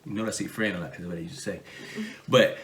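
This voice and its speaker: A Southern American man in his thirties, co-hosting a podcast and telling a story casually with lively, acted-out quotes. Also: fast. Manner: animated, acts out quotes in a much higher voice. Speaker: podcast co-host.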